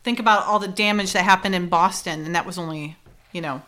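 Woman, bright voice, casual chat, recapping a show, frequent laughs, many fillers. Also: on the low side, fast talker. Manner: laughs often, retells scenes with many fillers. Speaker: podcast co-host recapping a TV episode.

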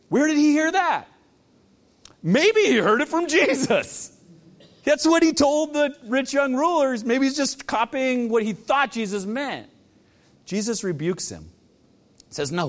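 Lively, animated male preacher. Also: sits high. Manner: animated preaching, dropping to quiet emphasis. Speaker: pastor. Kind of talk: sermon.

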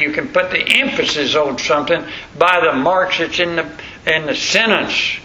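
A man's voice: fairly high pitch, pushed and bright. An older man preaching a sermon in a folksy, rambling storytelling way. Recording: muffled lo-fi recording with faint noise.

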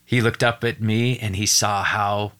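An earnest young man tells a personal story on a podcast, his voice sitting a little low. He acts out the other people's lines as he goes, and he tells it with real emotional weight. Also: a little slow, clean tone. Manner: earnest, animated retelling with acted quotes. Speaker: podcast guest.

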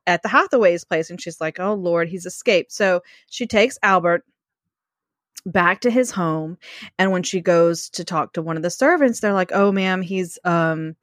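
A woman's voice: on the low side, no room sound, clean studio sound. Woman co-hosting a casual book chat. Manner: animated plot retelling, acting out characters' lines. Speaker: podcast co-host.

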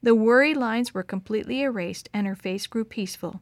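A woman narrating a story in an expressive, dramatic reading. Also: fairly high pitch, brisk, no echo.

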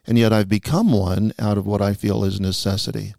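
Man, gun instructor, earnest, dark mellow tone, dry studio sound. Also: lowish voice, flat delivery, fairly quick, vocal fry, no room sound. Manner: earnest, emphatic about responsibility. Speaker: firearms instructor and guest. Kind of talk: conversational podcast talk. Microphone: studio podcast mic.

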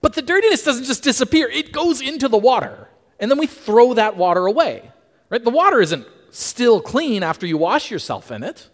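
A man's voice: very high voice, moderate pace. A man preaching a sermon to a congregation, emphatic and conversational, often checking in with his listeners. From Canada. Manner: lively, emphatic, asks the congregation questions. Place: church hall. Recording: reverberant church hall.

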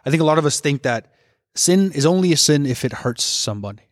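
A man's voice: a little high, animated, fast, no echo, clean studio sound. A young man co-hosting a faith podcast, speaking in a candid, reflective and loosely rambling way about his own life. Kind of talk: casual faith discussion.

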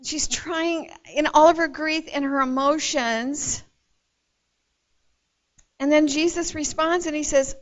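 A woman retelling a Bible story in a sermon, expressive and storytelling, with casual asides to her listeners. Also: high-pitched, slow, long pauses. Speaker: Bible teacher. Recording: dull lo-fi recording.

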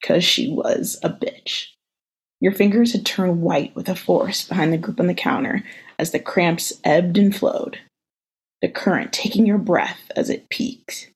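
Husky woman reading a story. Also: fairly low pitch, fairly even intonation, measured pace. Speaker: podcast host reading fan fiction.

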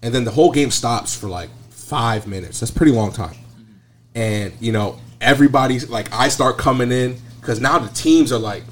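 A young man casually telling an animated, slangy story full of profanity. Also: medium pitch, normal speed. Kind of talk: casual chat.

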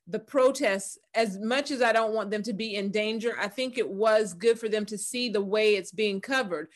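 A woman's voice: medium pitch, normal speed. A woman hosting a conversation, commenting on a guest's story and giving her opinions. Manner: opinionated, sums up and draws conclusions. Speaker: host.

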